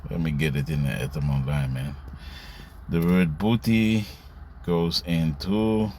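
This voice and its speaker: A man's voice: rumbling low, steady tone, a little slow, dark tone, slight background noise. A man giving casual scripture commentary, reading verses aloud and tagging lines with "you see" and "man". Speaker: religious commentator.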